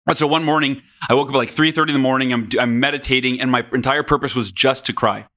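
A man in his forties, a podcast guest, telling candid personal stories in an animated, self-mocking way. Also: mid-range voice, fast talker.

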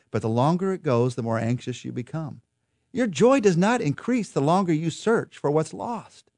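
A man teaching through a Bible chapter in an earnest, expressive devotional style, lifting his voice for emphasis. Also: a little high, a little fast, no echo, studio quality. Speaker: pastor teaching a Bible study.

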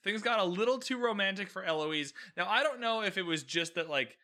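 A man's voice: sits high, lively intonation, fairly quick, sharp tone. A man giving a casual, sarcastic recap of a TV episode, chatty and often acting out the characters' lines. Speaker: show recapper.

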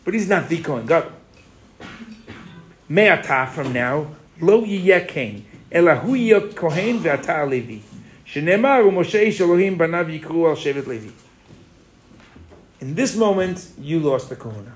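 A man teaching a Torah class in an animated way, asking his students rhetorical questions and mixing Hebrew phrases into his English. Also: fairly high pitch, moderate pace, slight background noise.

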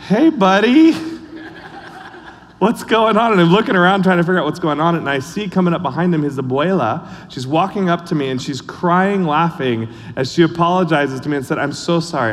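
A man preaching a sermon as a church pastor, chatty and casual, with many fillers and restarts. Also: fairly high pitch. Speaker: online and missions pastor. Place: church sanctuary. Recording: long hall reverb.

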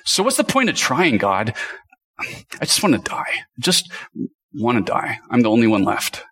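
A man's voice: wildly swooping pitch, unhurried, fairly bright tone, slightly rough, in a large hall, exaggerated voice. A man voicing a weary male prophet who begs to die, in a strained, pleading tone. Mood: despairing. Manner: pleading, strained and raised in pitch.

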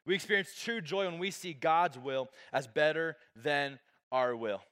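A young adult man preaching a sermon in church, casual and animated, his talk full of "like", swinging between loud bursts and soft asides. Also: fairly high pitch, a little slow. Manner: casual, filler-heavy preaching with lots of "like". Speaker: pastor.

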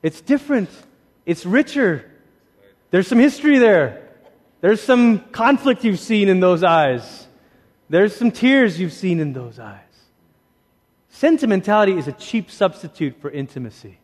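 His voice rings with long reverb, as if filling a big hall, as this preacher gives a sermon. He speaks in a fairly high voice, alternating brisk, lively asides with quiet, hushed moments of emphasis.

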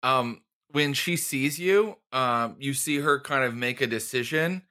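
A man narrating a tabletop game as game master, talking in a halting, good-humored, conversational way. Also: medium pitch, pushed and bright.

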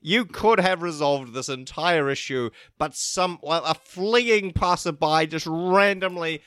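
A man's voice: on the high side, unhurried, fairly bright tone, clean tone, no echo. A young man with a New Zealand accent improvising a comedy sketch as a mock news reporter.

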